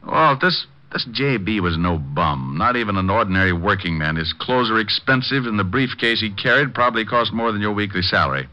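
A man's voice: on the low side, lively intonation, brisk, few pauses, pushed and bright, muffled recording. An actor playing a cool, wisecracking male private detective in a 1940s radio drama. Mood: wry. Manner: wisecracking, breezy.

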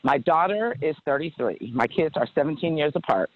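A woman's voice: deep voice, lively intonation, normal speed, narrow, tinny audio. A woman on a panel call who speaks in a chatty, grateful way, a little off the mic. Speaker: panel participant. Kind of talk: casual chat on a call.

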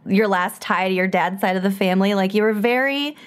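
A woman's voice: mid-range voice, brisk, clear, resonant tone. A woman co-hosting a podcast, cutting into a casual chat with teasing jokes. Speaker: podcast co-host.

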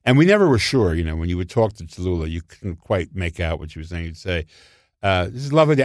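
Older man telling lively anecdotes. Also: fast talker, dry recording, studio quality. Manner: animated storyteller, jumps into high voices for quoted people. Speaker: guest comedy writer.

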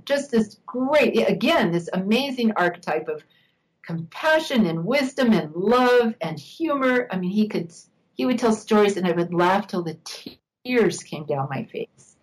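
An older woman, an interview guest, telling a personal story in a reflective, unhurried way, laughing now and then. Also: mid-range voice, animated, poor audio.

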